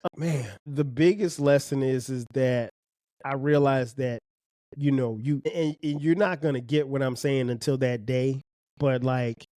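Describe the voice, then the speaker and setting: A man's voice: mid-range voice, fairly even intonation, a little slow, warm tone, no echo, clean studio sound. A middle-aged man, a podcast host and father, talking earnestly about parenting, often restarting and repeating words. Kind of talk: reflective casual talk.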